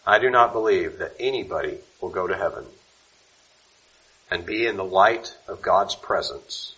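A man preaching a sermon, swinging from loud emphatic lines to soft, slow ones. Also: lowish voice, dull audio.

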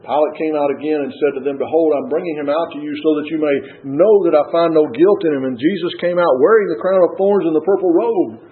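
A man preaching a sermon and reading scripture aloud, earnest, rising to stress key points and dropping low at the ends of phrases. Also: quick pace, few pauses. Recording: tinny phone-like radio broadcast.

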